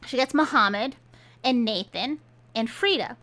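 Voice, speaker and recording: A woman's voice: fairly high pitch, animated, unhurried, fairly bright tone. A woman ranting casually in a book review, sarcastic and chatty.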